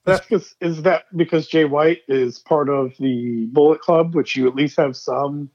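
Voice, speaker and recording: A relaxed man talking on a podcast, his voice a little higher than most. The sound is dry and slightly dull, as if from a lo-fi mic. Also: unhurried, dry recording. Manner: relaxed, asks follow-up questions. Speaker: podcast co-host. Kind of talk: casual wrestling talk.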